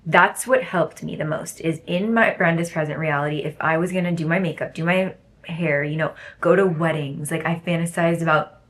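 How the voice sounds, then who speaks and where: A woman's voice: deep voice, fairly even intonation, moderate pace, a bit bright. A young woman talking casually and effusively to camera about self-belief, rambling and repeating herself for emphasis. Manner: gushing, rambling, emphatic repetition. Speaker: self-development course creator. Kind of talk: casual motivational vlog.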